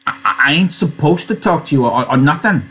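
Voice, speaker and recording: A man's voice: fairly high pitch, animated, brisk, a bit bright, husky, voice pushed up. A man reading aloud and voicing a big, simple-minded young ranch hand who stammers and repeats his words like a child. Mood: anxious.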